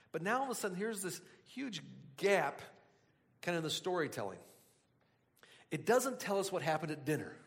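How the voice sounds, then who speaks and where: A man preaching a conversational sermon, animated and chatty, with frequent asides and restarts. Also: high-pitched, long reverb tail. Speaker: pastor.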